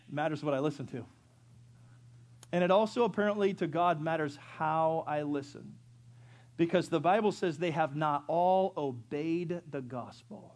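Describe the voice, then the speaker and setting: A middle-aged man delivers a sermon from the pulpit. His voice sits a little high for a man, moving between hushed storytelling and surging, passionate preaching. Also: normal speed. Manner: storytelling, swelling to loud impassioned preaching. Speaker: pastor.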